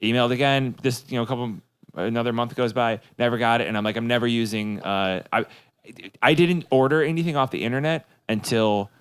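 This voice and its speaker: A man's voice: mid-range voice, steady tone, fairly quick, clear, resonant tone, dry recording. A man hosting a casual podcast chat, easygoing and chatty, chiming in often.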